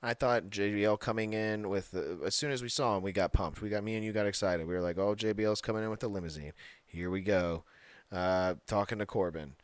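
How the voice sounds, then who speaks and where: Low-voiced blunt podcast host. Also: male voice, brisk, smooth, dry recording. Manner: blunt, profane, laughs often. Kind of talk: casual wrestling podcast chat.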